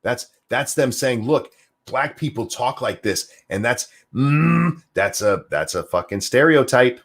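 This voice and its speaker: A commentary streamer hosts his own show, ranting casually with sarcasm and free swearing, often repeating words as he gets worked up. His mid-range voice has lively intonation and a slightly slow pace.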